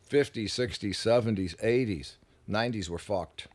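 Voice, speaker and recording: Deep-voiced profane rock musician. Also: male voice, moderate pace. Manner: animated, profane, acts out quoted voices. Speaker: interview guest, rock musician. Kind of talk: casual radio interview storytelling. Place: radio studio.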